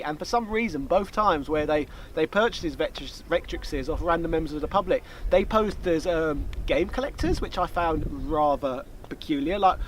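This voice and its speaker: Chatty man, high voice. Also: slight background noise, low-quality recording. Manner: chatty, jokey, quick asides. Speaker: YouTube host. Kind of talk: casual Q&A chat. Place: outdoor location, light background noise.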